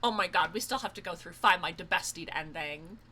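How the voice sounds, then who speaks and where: A young woman streaming a game, excitable and loud, swearing, laughing and screaming as she plays. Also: on the low side, a little fast, a little hiss or hum. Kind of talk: let's play commentary.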